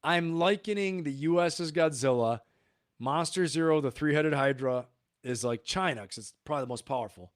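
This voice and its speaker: Animated rambling male livestream host. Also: a little high, moderate pace, dry recording, clean studio sound. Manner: animated, rambling, laughs often. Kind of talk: casual live commentary.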